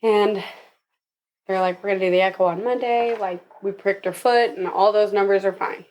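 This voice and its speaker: A woman's voice: mid-range voice, steady tone, normal speed, a little mellow, a little hiss or hum. A young woman, a podcast guest, telling her birth story casually and with animation, laughing often and acting out what others said.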